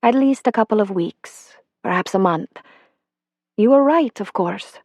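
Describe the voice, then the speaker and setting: A woman reading an audiobook voices a kind female doctor with a slight accent, pitched a little above her plain reading voice, speaking in a gentle, measured, calm and reassuring way with lively intonation. The sound is close and dry, with no room sound.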